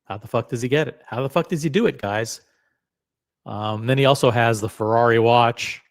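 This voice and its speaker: A middle-aged man hosting a live stream in a casual, rambling way. He gets excited, swears now and then and fills his talk with ums and uhs. His pitch sits in the middle of the male range. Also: normal speed. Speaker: host.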